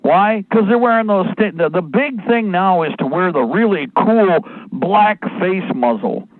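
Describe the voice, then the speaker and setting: A man's voice: sits high, animated, measured pace, dry recording. A man hosting a live radio talk show, ranting angrily and rambling in a profane, combative way. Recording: tinny phone-like dry sound.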